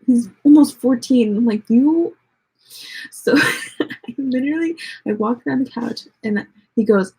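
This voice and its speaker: A young woman from Texas livestreams to her viewers, blunt and sarcastic, scattering "like" through every sentence. Her voice sits a little high, husky and breathy, with a gravelly fry at the ends of phrases. She has a faint Texan accent. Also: moderate pace, a little mellow, rough recording. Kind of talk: casual livestream chat.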